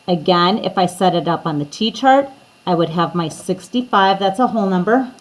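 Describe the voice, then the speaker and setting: A woman's voice: on the low side, animated, moderate pace, low-quality recording. Woman teacher walking through math steps. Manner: explaining steps plainly, addressing students directly. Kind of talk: recorded math lesson walkthrough.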